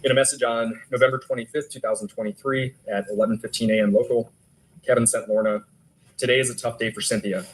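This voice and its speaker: A man's voice: mid-range voice, steady tone, fast, poor audio. A male detective testifying in court, steadily reading text messages aloud. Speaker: detective witness.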